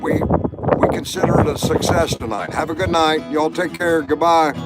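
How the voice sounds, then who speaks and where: Rambling man in his sixties over loud music. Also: on the high side, fairly even intonation, moderate pace, rough recording. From Florida, US. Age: 60s. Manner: rambling, folksy and confessional. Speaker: livestream host. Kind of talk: casual livestream chat with viewers. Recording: livestream with loud background music.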